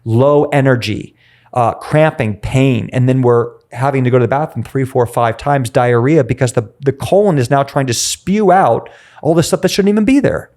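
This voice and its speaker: A man, a nutritionist guest on a podcast interview, explaining and acting out stories with his clients in an animated way. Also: mid-range voice, moderate pace. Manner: animated storytelling, acts out dialogue.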